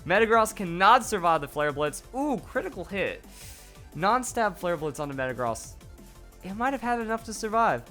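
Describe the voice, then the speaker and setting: A man giving excited play-by-play commentary on a video game battle, his voice going hoarse. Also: high-pitched, faint music behind. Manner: hype, rapid play-by-play with exclamations. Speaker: gaming YouTuber.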